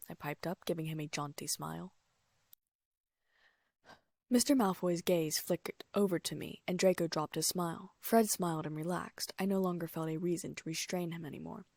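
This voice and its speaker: A woman reading a first-person audiobook story in a steady way, with the odd slip and restart. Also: fairly low pitch, vocal fry, no room sound. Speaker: audiobook narrator.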